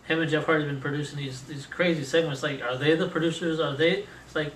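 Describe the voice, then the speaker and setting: Guy talking blunt n casual, bit high pitched, roomy echo. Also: fairly even intonation, fairly bright tone, distant mic. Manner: blunt, colloquial, quick to laugh. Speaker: guest. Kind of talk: casual chat. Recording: echoey room, off-mic, faint noise.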